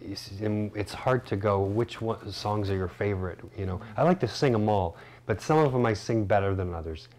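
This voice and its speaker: A middle-aged man in a casual interview, speaking in a slightly low, relaxed voice. He looks back thoughtfully, stopping now and then with small hesitant fillers. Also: moderate pace, hardly any pauses. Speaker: interview guest.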